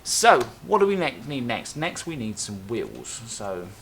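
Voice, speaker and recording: Casting: male game streamer at a desk mic, mid-pitched, rambly self-talk, faint ambience under it. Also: very animated, unhurried, gravelly, a bit bright, a little hiss or hum. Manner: rambling, thinking aloud with self-talk and tangents. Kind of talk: casual live-stream commentary while playing.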